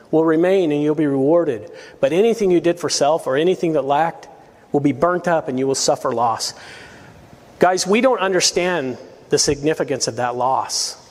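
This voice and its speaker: A man's voice: fairly high pitch, long reverb tail. A man preaching a verse-by-verse sermon as pastor, earnest and emphatic, with rising appeals to his listeners. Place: church sanctuary.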